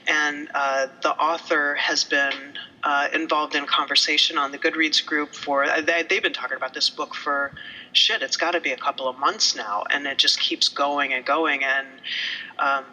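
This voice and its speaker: A woman's voice: sits low, fairly even intonation, normal speed, bright, forceful tone, poor audio. A woman co-hosting a podcast in casual, rambling chat, a bit tipsy and swearing casually. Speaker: podcast co-host.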